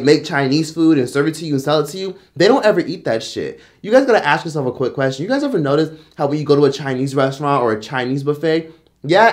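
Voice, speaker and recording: A man giving opinionated vlog commentary in a blunt, profane, ranting way. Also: a little high. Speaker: commentary vlogger.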